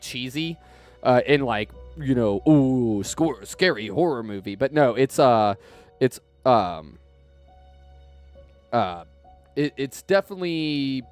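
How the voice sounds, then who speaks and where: A young man casually chatting on his stream, enthusiastic and rambling with lots of fillers. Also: mid-range voice. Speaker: streamer showing his movie collection.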